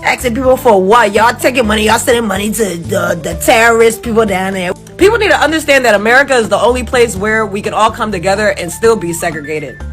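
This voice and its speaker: A woman's voice: medium pitch, fast, hardly any pauses, fairly bright tone, soft background music. A first-generation West African woman ranting incredulously in a casual reaction video, laughing at times. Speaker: social media commenter.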